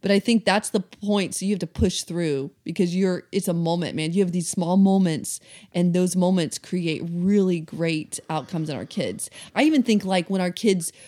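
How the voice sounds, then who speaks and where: Woman, slightly low voice, earnest, co-host, casual chat. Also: moderate pace, mellow. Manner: earnest, advising. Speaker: podcast co-host, mother.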